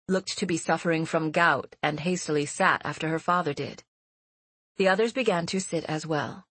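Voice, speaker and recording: A woman reading an audiobook novel in steady scripted narration. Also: on the low side, slightly rough, no room sound.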